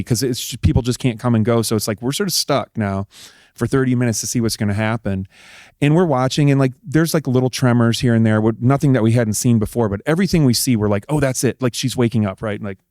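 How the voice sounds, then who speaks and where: A middle-aged man from Texas tells a painful personal story as an interview guest. He speaks earnestly and emotionally, leaning on "like" as he goes. His voice is mid-pitched and the sound is dry. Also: a little mellow, dry recording. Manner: earnest, emotional, many "like" fillers. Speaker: guest, husband.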